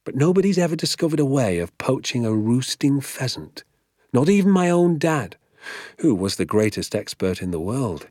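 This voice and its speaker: A man voicing an excitable, scheming father in an audiobook, talking in a hushed, conspiratorial way. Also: mid-range voice, moderate pace, dry recording, studio quality, pitched above the performer's own voice. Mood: plain. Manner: conspiratorial, hushed then fervent. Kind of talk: audiobook character voice.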